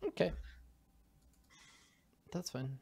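A man's voice: drawn-out words, a little mellow, slight background noise. Rambling man running a tabletop game. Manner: loose, rambling description full of fillers. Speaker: game master.

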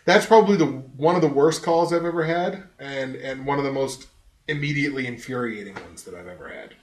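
A man hosting a casual podcast, telling a story in a lively, profane way and laughing often. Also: medium pitch, a little fast, roomy sound, a little hiss or hum. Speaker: podcast host.

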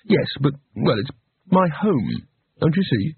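A man's voice: a little high, very animated, a little slow, breathy edge, dry recording, full character voice. A man voicing a nervous, reluctant male wizard who talks hesitantly and defensively. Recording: tinny phone-line sound.

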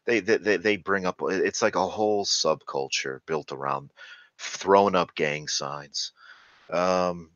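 A man's voice: sits low, moderate pace, bright, forceful tone, no echo. A man ranting sarcastically and crudely, stumbling over fillers and restarts. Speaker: channel host. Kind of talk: ranting monologue. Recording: dull lo-fi recording.

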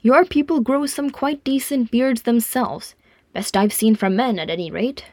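A woman's voice: a little high, normal speed, a little mellow, no room sound, pitched above the performer's own voice, close to an everyday voice. Woman doing a jovial male dwarf, blunt, teasing, storybook, dry sound. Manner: hearty, teasing, playful. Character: hearty, blunt male dwarf warrior, gruff humor.

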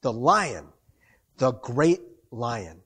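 A man voicing an earnest male talking beaver from a storybook, in a put-on British accent, low, hushed and solemn. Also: sing-song, extremely slow, husky, full character voice.

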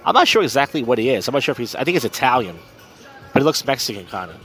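A man's voice: medium pitch, sing-song, very fast, fairly bright tone, faint music behind. A man hosting his own podcast, rambling casually through his week with fillers and swearing while out on a walk. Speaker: podcast host. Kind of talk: casual solo chat on a walk. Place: outdoors on a street at night.

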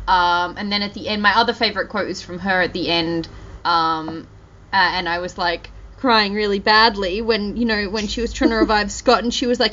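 A woman co-hosting a casual chat, talking in an animated way with many fillers and restarts. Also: medium pitch, normal speed. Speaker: podcast co-host. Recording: dull lo-fi audio.

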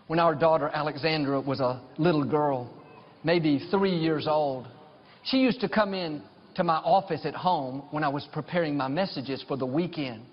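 A man's voice: on the high side, normal speed. A middle-aged male pastor preaching a sermon, telling personal stories and building to fervent declarations of blessing. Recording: dull sound with long hall reverb.

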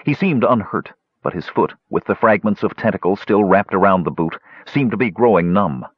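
A man reading a fantasy adventure aloud in steady, measured scripted narration. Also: fairly low pitch, husky, dry recording. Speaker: audiobook narrator. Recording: dull, dry lo-fi recording.

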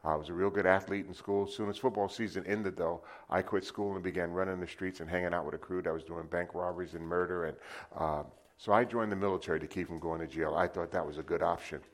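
A man's voice: low-pitched, steady tone, fast talker. An older man from New City, giving a testimony sermon and telling his story in a conversational way, drawing the congregation into call-and-response. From New York City. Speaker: preacher.

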